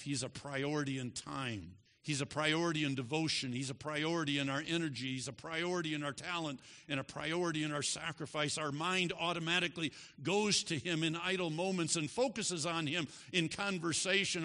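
A man preaching a sermon, moving from quiet emphasis to loud, passionate preaching. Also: on the high side, long reverb tail.

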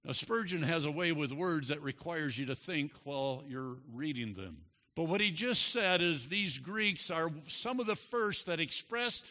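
A male pastor preaching a sermon, slow and emphatic, rising in loudness on key phrases, heard in a church sanctuary. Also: fairly high pitch, animated. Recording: long reverb of a large hall.

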